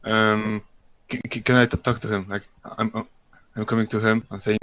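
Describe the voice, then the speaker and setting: A man's voice: on the low side, level tone, normal speed, fairly bright tone, low-quality recording. A man playing a tabletop game who speaks with a heavy stammer, repeating first sounds. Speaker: player.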